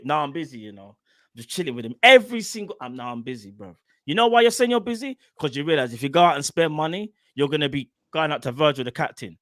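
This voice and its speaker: Animated man, slangy, dry sound. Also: high-pitched, dry recording. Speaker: football podcast co-host. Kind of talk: casual chat.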